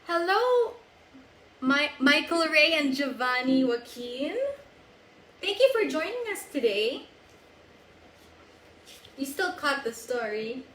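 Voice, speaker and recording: A woman with a Filipino accent, storytelling for children in an animated, sing-song way and coaxing them to join in. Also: sits high, slow pace, long pauses, roomy sound, low-quality recording. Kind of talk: live storytelling for kids.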